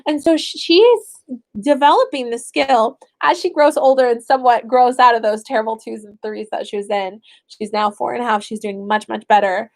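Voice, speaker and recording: A young mother talks casually to her camera with a bright, high voice. She is chatty and animated, and often acts out what she tells her kids. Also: moderate pace. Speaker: stay-at-home mother starting homeschooling. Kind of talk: casual vlog chat.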